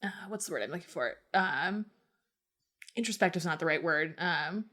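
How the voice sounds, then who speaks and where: A woman's voice: on the low side, lively intonation, normal speed, bright, forceful tone. Chatty young woman co-hosting a podcast. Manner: chatty, laughing, frequent "like" and swearing. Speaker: podcast co-host. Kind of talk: casual book chat.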